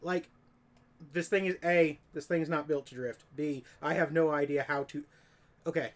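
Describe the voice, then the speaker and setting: While streaming a racing game, a man chats casually with his viewers, rambling and joking in live-stream fashion. His voice is a little high, steady in tone, at a moderate pace.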